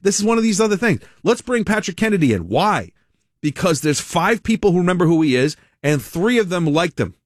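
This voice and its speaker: A man's voice: high voice, very animated, a little fast, no room sound, studio quality. A man hosting a talk radio show, riffing in a rambling, sardonic way and laughing at his own jokes. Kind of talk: casual radio monologue.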